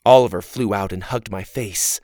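A man narrating a fantasy story in the first person, dramatic, moving from hushed passages to loud, excited ones. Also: lowish voice, normal speed, no echo, studio quality.

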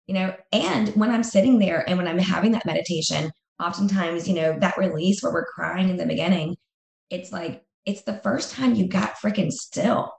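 A woman's voice: on the low side, normal speed, creaky, darkish tone, roomy sound. A woman speaking as an interview guest in a candid conversation, emphatic and repeating phrases for effect.

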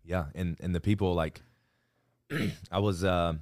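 A thirty-year-old man with a faint Southern accent and a low, deep voice, talking easily as a podcast guest. He shapes his words carefully so they come out clear. The sound is close and dry, with no room around it. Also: dry recording. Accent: slight Southern US. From Florence, Alabama, USA. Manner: relaxed, deliberately enunciated speech. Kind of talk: casual interview chat.

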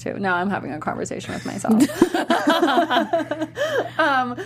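A woman co-hosting a podcast, giggly and animated, steering a casual TV recap. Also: medium pitch, a little hiss or hum. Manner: giggly, animated, leads the segments. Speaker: podcast co-host.

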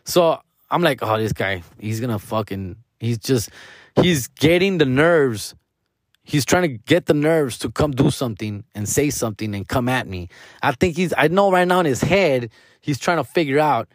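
A man's voice: mid-range voice, expressive, moderate pace, dry recording, studio quality. A young man telling a story in profane, slangy street talk, dropping Spanish words, as a comedian. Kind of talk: casual storytelling.

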